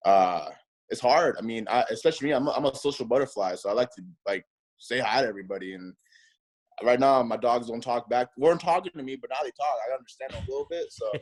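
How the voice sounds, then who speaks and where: A man chatting as an interview guest in a relaxed, rambling way full of fillers. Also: medium pitch, quick pace. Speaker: guest, nightlife host. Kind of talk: casual interview chat.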